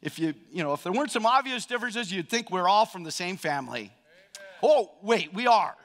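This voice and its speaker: Guy preaching, kinda high voice, gets loud then goes quiet, big echoey church. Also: fairly quick. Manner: animated, swings from loud emphasis to hushed storytelling. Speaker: pastor. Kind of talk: sermon. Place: church sanctuary. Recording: long reverb of a large hall.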